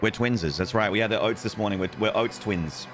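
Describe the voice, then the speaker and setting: A man's voice: on the low side, brisk. A young man streaming games, greeting his chat in a playful, banter-filled way with casual swearing. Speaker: gaming streamer.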